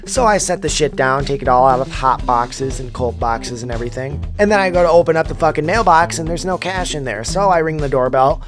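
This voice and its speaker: A man tells a delivery story in a heated, crude rant, swearing nearly every line. His voice sits a bit high for a man. Faint music plays under him. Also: brisk, hardly any pauses. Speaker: pizza delivery driver and vlogger.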